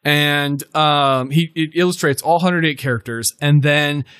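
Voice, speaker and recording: A man's voice: a little high, a little slow, fairly bright tone, smooth, no echo, clean studio sound. A man in casual podcast chat, rambling and filling his talk with "like" and self-corrections.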